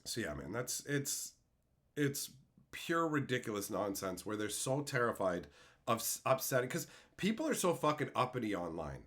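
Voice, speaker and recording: A young man from Canada, a streamer, ranting with heavy swearing and mocking, loud put-on voices. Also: medium pitch, very animated, moderate pace. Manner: profane, mocking, swings into loud sneering impressions. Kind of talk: ranting commentary.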